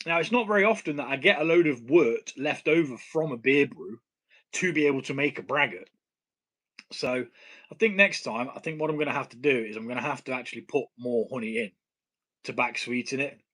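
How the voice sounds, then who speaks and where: A British man hosts a casual home brewing live stream in a mid-range, slightly bright voice. He's blunt, swears casually and laughs at himself.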